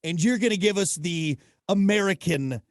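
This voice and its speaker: A man hosts a relaxed interview in a fairly high voice. He is upbeat and playful, and the sound is dry and close. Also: normal speed, dry recording. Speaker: host. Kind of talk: casual interview chat.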